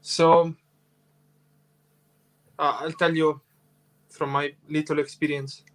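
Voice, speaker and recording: Italian guy hosting a livestream, kinda high voice, short friendly questions. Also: flat delivery, slow pace. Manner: brief, reassuring interjections. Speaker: livestream host. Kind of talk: casual chat. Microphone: video call.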